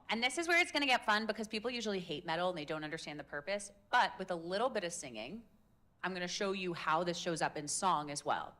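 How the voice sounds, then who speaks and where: A woman coaching public speaking in a live workshop, energetic and playful, demonstrating different voices. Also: medium pitch, slight background noise. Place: workshop room with audience.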